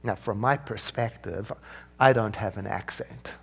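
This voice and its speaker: A male minister giving a sermon, animated, with playful asides and gentle slowdowns. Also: fairly low pitch, creaky, breathy edge.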